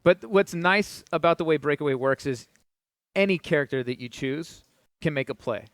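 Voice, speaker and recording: A man's voice: on the high side, normal speed, a bit bright, no echo, clean studio sound. A man giving enthusiastic color commentary on an esports match, explaining characters and equipment. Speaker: esports co-caster, game analyst.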